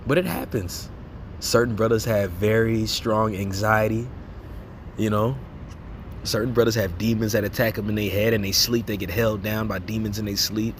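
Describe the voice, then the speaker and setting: Man preaching informally, lowish voice, slangy, faint background noise. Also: fairly even intonation, normal speed. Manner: casual slangy preaching, repeating "man" and "okay?"; laughs and acts out reactions. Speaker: lay preacher. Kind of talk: informal religious exhortation.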